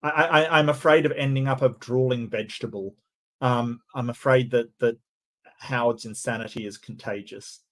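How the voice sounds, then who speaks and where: A man's voice: medium pitch, fairly even intonation, normal speed, fairly bright tone. A man hosting a debate review, talking in casual, sarcastic commentary with laughing asides.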